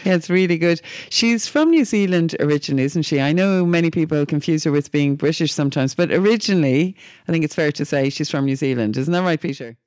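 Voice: medium pitch, animated, fast, few pauses, a little mellow, no echo. Enthusiastic co-host, dry studio sound. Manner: enthusiastic, engaging, asks questions. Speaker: co-host of a books show. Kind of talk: literary radio chat and poem reading.

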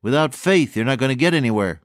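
A man preaching a sermon earnestly and emphatically, slowing down to stress key words and quoting old-fashioned scripture phrasing. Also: mid-range voice, expressive, dry recording, clean studio sound.

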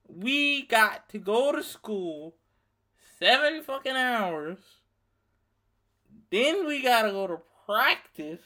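A young man in his twenties from Louisiana, hosting a solo podcast and telling a story in a heated, profane, animated rant. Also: very high voice, slow, pauses often. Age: 20s. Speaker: podcast host. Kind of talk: ranting solo monologue.

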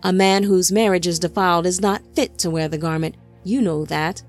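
A woman's voice: lowish voice, fairly even intonation, moderate pace, lightly acted. A woman reading the part of a scheming young man who taunts and gloats over his brothers, with music faintly behind her. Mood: gloating. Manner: smug, taunting.

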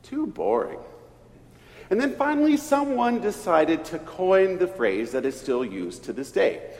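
A man's voice: very animated, a little mellow. A middle-aged man from East Texas, preaching a storytelling sermon in a church. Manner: slow, storytelling delivery with wide swings in pitch and volume. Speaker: pastor. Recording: reverberant church hall.

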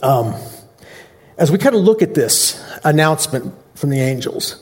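A man's voice: on the high side, very animated, normal speed. A male pastor giving a Christmas Eve sermon in a joking, conversational way, asking the congregation questions.

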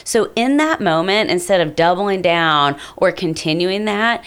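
A woman's voice: lowish voice, animated, measured pace, smooth. A woman, co-hosting a podcast and telling candid stories. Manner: candid, explains and tells anecdotes. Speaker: podcast co-host. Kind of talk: casual chat.

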